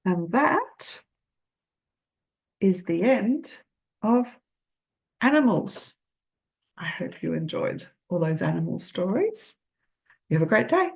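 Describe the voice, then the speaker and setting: An older woman reading a children's picture book aloud, gently asking the listener questions. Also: lowish voice, very animated, takes it slowly, creaky, pauses often.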